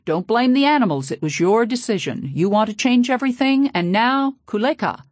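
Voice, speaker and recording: A woman voicing an old male village witch doctor who shouts prophetic threats in a storybook reading. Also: a little high, expressive, a little fast, dry recording, clean studio sound, voice pushed up, natural voice. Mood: menacing. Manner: shrieking, chanting threats.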